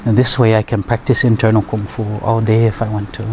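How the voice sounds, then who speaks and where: A man's voice: fairly low pitch, little pitch movement, quick pace, noisy background. Chuckling man. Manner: rambling, chuckling, many fillers. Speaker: martial arts teacher and healer. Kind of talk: conversational storytelling.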